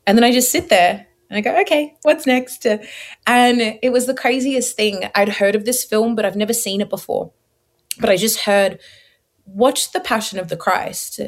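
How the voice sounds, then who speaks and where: A young woman, telling her personal faith story as an interview guest, lively and casual with many fillers, acting out her own past words. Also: medium pitch, normal speed. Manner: animated storyteller, acts out her past self in quotes; casual filler-heavy speech. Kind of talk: personal testimony in conversation.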